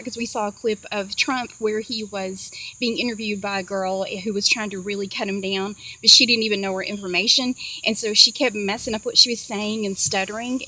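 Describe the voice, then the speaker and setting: A woman's voice: a little high, pushed and bright, breathy edge, poor audio. A woman talking casually to her phone camera from inside a parked car, rambling through a story with many fillers and asides. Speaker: vlogger sharing dreams.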